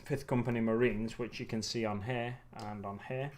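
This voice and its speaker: A man hosting a relaxed hobby livestream, talking while he builds miniatures in a rambling, musing way with many pauses and self-corrections. He sounds a little tired. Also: mid-range voice. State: getting tired.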